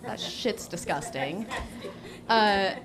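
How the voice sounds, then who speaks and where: A woman's voice: mid-range voice, lively intonation, slow, crowd noise. A young woman doing a crude, self-mocking stand-up set on a small cafe stage, with lots of fillers. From Portland, Oregon. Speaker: stand-up comedian.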